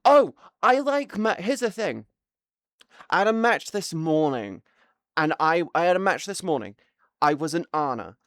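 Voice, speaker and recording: A man's voice: on the high side, lively intonation, measured pace, fairly bright tone, no room sound, clean studio sound. A British man streaming live, ranting with a lot of swearing in a casual, exasperated way. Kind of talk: casual livestream rant.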